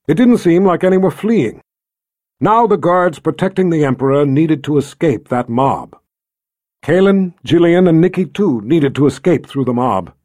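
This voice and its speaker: A man narrates a fantasy novel in a steady, measured read. His voice sits a bit high, and the recording is dry and close. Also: no echo. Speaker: audiobook narrator.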